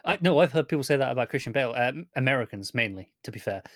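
A man's voice: medium pitch, expressive, racing, a bit bright, dry recording, studio quality. Agreeable male podcast co-host. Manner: agreeable, hesitant, with restarts. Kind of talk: casual TV recap chat.

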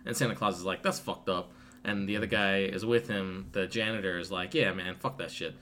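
A man's voice: low-pitched, fairly even intonation, a little fast, sharp tone, a little hiss or hum. A man casually retelling a film to a friend, rambling with lots of fillers and profanity. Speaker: podcast co-host recapping a film. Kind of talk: casual retelling with acted quotes.

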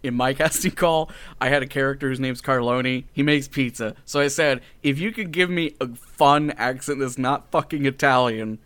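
A man chatting casually on a podcast in an animated, jokey way, talking about casting voice actors. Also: medium pitch, moderate pace, hardly any pauses, clean tone. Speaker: podcast guest who casts voice actors.

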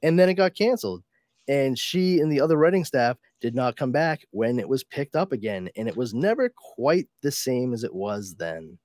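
A man co-hosting a podcast in casual chat, telling stories with a lot of swearing and quick put-on voices. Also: mid-range voice, big pitch swings, darkish tone, dry recording, studio quality. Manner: chatty storyteller, swears, puts on voices in anecdotes. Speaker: podcast co-host.

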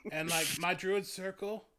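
A man's voice: sits high, fairly even intonation, over a noisy crowd. A man voicing a rambling stoner druid. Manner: rambling, halting, lots of "like" and "man". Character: laid-back stoner male druid hermit, young. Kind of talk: in-character tabletop role-play.

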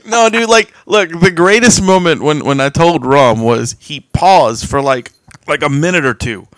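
A man's voice: a little high, expressive, measured pace, no room sound, studio quality. A man co-hosting a podcast in casual chat, often laughing as he tells stories with animation. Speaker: podcast co-host. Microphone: remote call.

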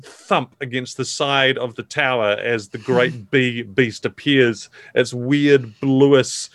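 A man narrating a tabletop game as game master, in a measured, descriptive way with fillers. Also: mid-range voice, steady tone, dry recording.

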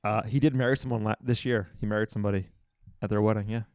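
A young man co-hosting a casual podcast chat, quick-talking and joking, with plenty of swearing. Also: lowish voice, steady tone, darkish tone, no room sound, studio quality. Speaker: podcast co-host.

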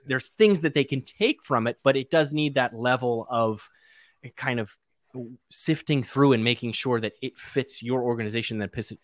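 A man's voice: medium pitch, a bit bright, no room sound. Hesitant man with a dry close sound. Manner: hesitant, checks his point with the other host. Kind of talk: casual conversation.

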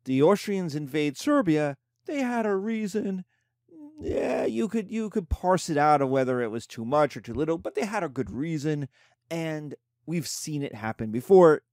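A man's voice: medium pitch, a little mellow, no room sound, clean studio sound. A man giving a casual history lecture as a teacher, talking colloquially and acting out the nations in quoted voices.

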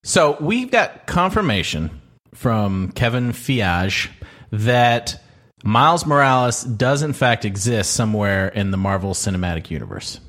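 A man's voice: lowish voice, fairly bright tone. A man hosting a casual podcast chat, joking and laughing often, recorded remotely. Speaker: podcast host. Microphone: remote recording over an online service.

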